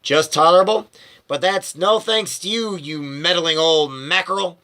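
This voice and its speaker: A man voicing a cantankerous ancient grandmother who croaks and shrieks in a storybook reading. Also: on the high side, normal speed, bright, forceful tone.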